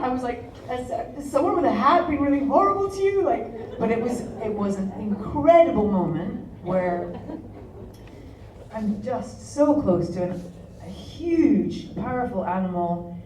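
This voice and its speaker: A woman singer telling a lively, animated story to a live audience between songs, acting out her own reactions with laughs and swearing. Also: measured pace, echoey room. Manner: animated, acts out quotes with big pitch jumps, laughs and swears. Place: music venue, live show. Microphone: fan's handheld recorder in the audience. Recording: distant audience recording with crowd noise. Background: crowd murmur and laughter.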